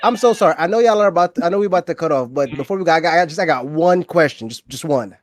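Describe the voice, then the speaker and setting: Male podcast guest, slightly higher pitch, rambling, stumbling delivery, dry mic. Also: expressive, very fast, dry recording. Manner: rambling, stumbles over his words. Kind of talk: casual podcast chat.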